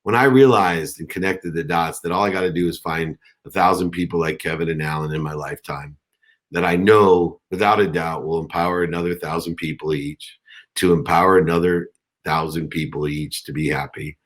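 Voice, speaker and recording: A man's voice: low-pitched, brisk. A middle-aged man mentoring on a coaching call, talking earnestly and rambling with many restarts. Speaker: guest mentor.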